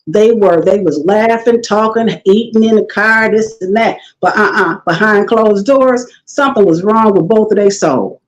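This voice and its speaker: A woman's voice: mid-range voice, dull audio. A middle-aged woman guest telling stories in a casual talk, acting out the people she quotes and laughing often. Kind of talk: casual storytelling interview.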